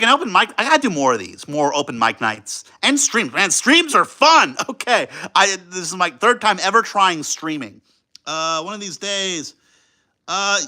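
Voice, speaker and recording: A young man rambling through a casual livestream chat with a sharp, bright voice. His pitch is high and swings all over, and he fills the gaps with ums and sudden excited exclamations. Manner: rambling, excitable, many fillers. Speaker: livestream host.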